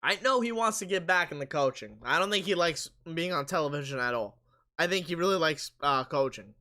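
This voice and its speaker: Hoarse man with a bright voice. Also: fairly high pitch, animated, a little fast. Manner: casual, reads comments aloud and answers them. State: hoarse, losing his voice. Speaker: sports stream host. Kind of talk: live stream chat reading viewer comments.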